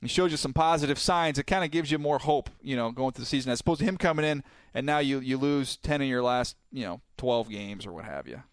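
A man, a football analyst on a sports talk show, explaining his views in a measured, steady way. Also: mid-range voice, clear, resonant tone, dry recording. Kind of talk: sports radio debate.

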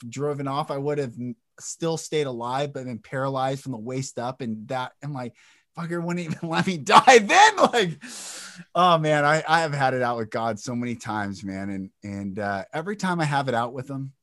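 A man's voice: medium pitch, a little fast, few pauses, no room sound, studio quality. A man as a podcast guest, telling an emotional personal story with intensity and swearing freely. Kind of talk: candid interview talk.

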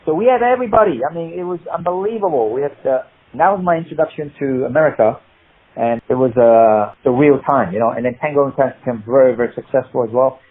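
Male actor guest, Cockney accent, husky voice, phone-line sound. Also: medium pitch, quick pace. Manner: rambling, animated, many restarts. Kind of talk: casual interview storytelling.

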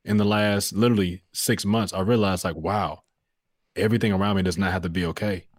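A man's voice: sits low, fairly even intonation, brisk, no echo, clean studio sound. A man in his thirties, a voiceover artist talking as a podcast guest, reflective and earnest, with many fillers and restarts. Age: 30s. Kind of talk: casual podcast conversation.

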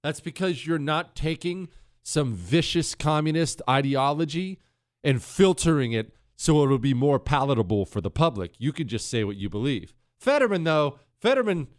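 A man's voice: fairly high pitch, expressive, moderate pace, no room sound, clean studio sound. Brash sarcastic male radio host. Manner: brash, sarcastic, mocking impressions. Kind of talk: opinionated radio talk.

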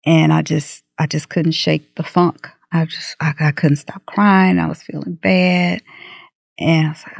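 A middle-aged woman candidly recounting a personal story in an interview, animated and acting out the dialogue. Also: low voice, a little slow, vocal fry, dry recording, studio quality. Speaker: guest.

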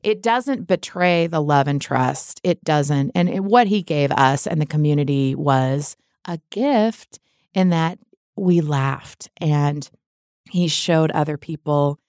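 A woman's voice: low voice, takes it slowly, darkish tone, no room sound, clean studio sound. A middle-aged woman telling personal stories in a candid, chatty way, often laughing and restarting her sentences. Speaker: guest. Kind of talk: candid conversational storytelling.

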